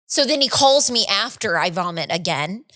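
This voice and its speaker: Woman, thirties, podcast co-host, casual chat, animated storytelling, mid-pitched voice. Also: moderate pace. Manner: animated storytelling with laughs and acted quotes.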